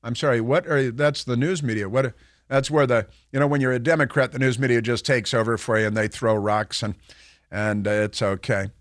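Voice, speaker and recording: A man's voice: mid-range voice, steady tone, fairly quick, dry recording. Talk radio host, male, sarcastic and mocking, rambling delivery, dry close sound. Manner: sarcastic, mocking, puts on voices to ridicule; rambling with many fillers and restarts. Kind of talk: political talk radio monologue.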